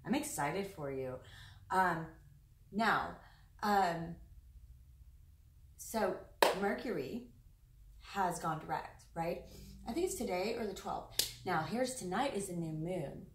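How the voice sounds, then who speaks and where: A woman's voice: fairly low pitch, expressive, slow pace, long pauses, background noise. A woman giving a casual, effusive tarot reading to camera, rambling and chatty with plenty of fillers and the odd swear word. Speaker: tarot reader. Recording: roomy sound, a bit distant from the mic.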